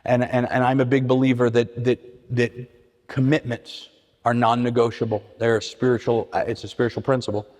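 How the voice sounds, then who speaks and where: A man's voice: mid-range voice, level tone, a little fast, darkish tone. A middle-aged man telling his recovery story at a meeting, earnest, with frequent restarts and repeated words. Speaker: AA meeting speaker. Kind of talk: personal recovery talk. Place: church meeting hall. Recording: hall reverb.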